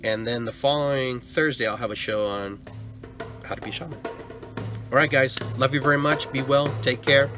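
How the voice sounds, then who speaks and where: A man's voice: mid-range voice, moderate pace, music in the background. A man hosting a spiritual self-help radio show, talking to listeners in an emphatic, preachy way and often checking in with "okay?".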